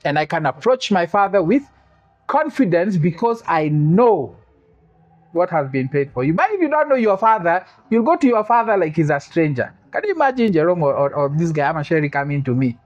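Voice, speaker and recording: A man's voice: a little high, very animated, a little fast, a little mellow, dull audio. A man preaching a sermon, repeating key phrases for emphasis, asking the congregation questions and adding humorous asides. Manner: quizzes the congregation for responses.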